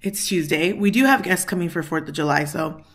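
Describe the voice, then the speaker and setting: A woman's voice: on the low side, fairly quick. A woman vlogging casually at home, chatting and rambling with lots of fillers. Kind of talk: casual vlog chat to camera. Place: at home in her kitchen.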